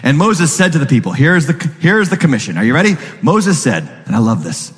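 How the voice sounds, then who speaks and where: A man with a fairly high voice preaches to his congregation with lively energy, often breaking into acted voices that leap upward. His sermon rings out with a long reverb tail from the hall around him. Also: a little fast. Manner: animated, acts out voices with sudden high pitch jumps. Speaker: pastor.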